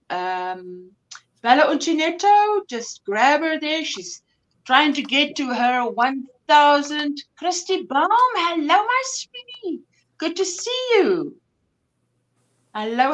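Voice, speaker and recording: High-voiced chatty woman livestream host. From South Africa. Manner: chatty, greets viewers warmly by name, restarts often. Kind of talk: casual chat reading out viewer comments.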